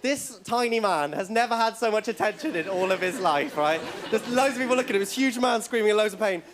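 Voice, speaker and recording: A young man performing a stand-up set in a comedy club, telling stories in an excitable, rambling way and tagging lines with "right?". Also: high voice, fast. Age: young adult. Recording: loud live crowd and club noise.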